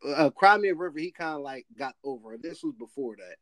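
A man's voice: medium pitch, fast, no room sound. A man co-hosting a casual podcast, talking loosely and laughing often. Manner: relaxed, laughing, loose rambling talk. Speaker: podcast co-host. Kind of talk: casual chat.

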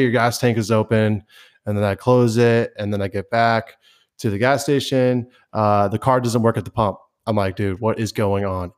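A young man co-hosting a podcast, telling a rambling story in an easygoing, casual way. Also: fairly low pitch. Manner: easygoing, rambles through anecdotes with fillers. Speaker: podcast co-host.

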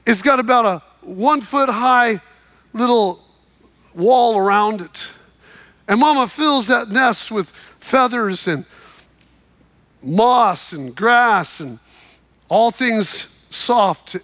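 A preacher delivers a sermon with dramatic storytelling and fervent exhortation. His voice is very high and bright. The sound is close and dry. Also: animated, takes it slowly, pauses often, dry recording.

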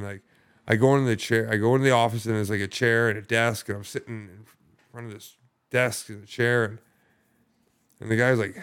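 A young podcast guest relates his recovery story in casual conversation, his fairly low voice smooth. He rambles, using many fillers and swearing heavily.

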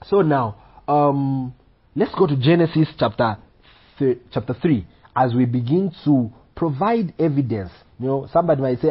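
A male preacher delivers a sermon in a husky voice. He leans on rhetorical questions and keeps checking in with his listeners. The recording sounds dull and lo-fi. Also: mid-range voice, lively intonation, moderate pace. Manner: rhetorical questions, frequent "Okay?" check-ins.

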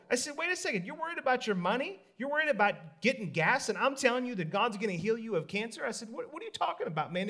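A man preaching a sermon, telling a story with energy and acting out the people in it. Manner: animated storytelling, acts out the people in the story in higher voices, laughs.

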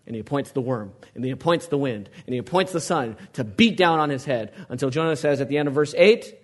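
A man's voice: mid-range voice, fast talker. A male pastor preaching a sermon, asking the congregation questions and pressing his points with emphasis.

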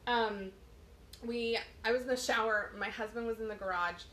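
A woman co-hosting a podcast, a mother telling lively stories in casual chat. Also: a little high, moderate pace, reverberant, a little hiss or hum. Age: adult, mother of children. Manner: chatty, animated storyteller. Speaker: podcast co-host.

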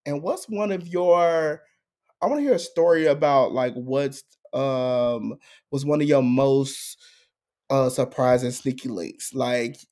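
A young man hosting a podcast, telling a story in an animated, profane way with frequent laughter. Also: mid-range voice, slow pace. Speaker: podcast host. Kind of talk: casual chat storytelling.

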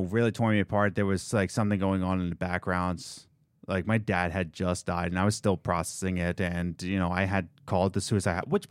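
A young man co-hosting a podcast, telling stories in a rambling, animated way with frequent restarts. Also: fairly low pitch, dry recording, studio quality. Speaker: podcast co-host. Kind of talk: casual chat.

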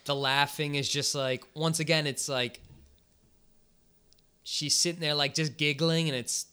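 A man's voice: fairly high pitch, fairly even intonation, unhurried, pushed and bright, clean tone. A man co-hosting a podcast, talking through a film in a thoughtful, analytical way while searching for the right words. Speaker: podcast co-host. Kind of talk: casual movie review chat.

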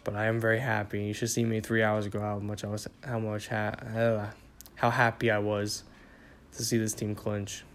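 Here a young man's fairly low voice comes out completely flat at a moderate pace. Hosting his casual solo podcast, the tired New York-area host rambles on, cursing often and filling gaps with filler words.

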